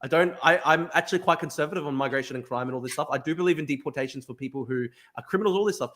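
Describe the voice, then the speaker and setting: A man's voice: a little high, racing, fairly bright tone. A man from Australia hosting a heated debate, exasperated, stammering and restarting, calling the other person "dude" again and again. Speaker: podcast host.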